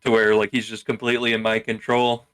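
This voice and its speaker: A man's voice: on the low side, completely flat delivery, fast, fairly bright tone, smooth. A man playing a tabletop game, talking casually and easily breaking into laughter. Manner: laughs easily, hesitant fillers. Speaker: player. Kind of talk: casual play chat.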